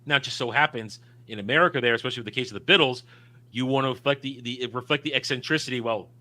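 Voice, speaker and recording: A man's voice: mid-range voice, rapid-fire, pushed and bright. A man co-hosting a casual film discussion, talking emphatically and opinionatedly with frequent restarts. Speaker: podcast co-host.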